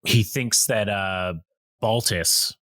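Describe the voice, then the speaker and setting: Deep, low female co-host, dry close recording, halting casual recap. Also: steady tone, a bit bright, dry recording. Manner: halting, restarts and loses names mid-sentence. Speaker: podcast co-host. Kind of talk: casual chat recapping a movie.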